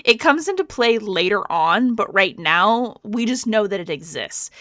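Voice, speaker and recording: A woman co-hosting a book podcast, retelling the story in a casual, profane and animated way. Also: medium pitch, moderate pace. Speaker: podcast co-host.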